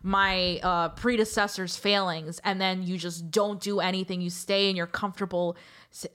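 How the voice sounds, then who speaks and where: A woman's voice: fairly low pitch, steady tone, moderate pace, fairly bright tone, smooth. A woman co-hosting a casual podcast, explaining things in a chatty way full of "like" and "um.". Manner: chatty explaining, heavy use of "like" and "um". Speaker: podcast co-host.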